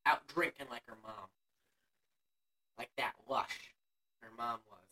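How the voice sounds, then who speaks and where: A woman's voice: extremely low pitch, takes it slowly, pushed and bright, recorded from a distance. A woman co-hosting a podcast, recapping a movie in casual chat with a profane, sarcastic storytelling manner. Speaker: podcast co-host.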